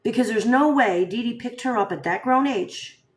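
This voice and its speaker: A woman's voice: fairly high pitch, moderate pace. A woman hosting a casual live stream, talking straight to her viewers and firing rhetorical questions at them. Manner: animated, rhetorical, addresses viewers directly. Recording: echoey room sound.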